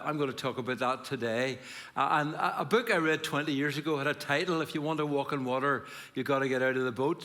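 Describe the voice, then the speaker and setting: A middle-aged man with a Northern Irish accent, preaching as a guest speaker, mixing chatty jokes with a scripture reading. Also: mid-range voice. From Northern Ireland. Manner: warm, chatty, self-deprecating asides. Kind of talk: sermon with humor and scripture reading.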